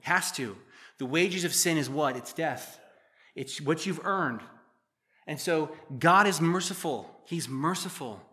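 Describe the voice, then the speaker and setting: Male pastor, middle-aged, bright forceful voice, slightly high for a man; reads scripture, then chats through it with wry asides. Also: measured pace. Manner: conversational, joking asides between read verses. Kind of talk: sermon reading and explaining scripture.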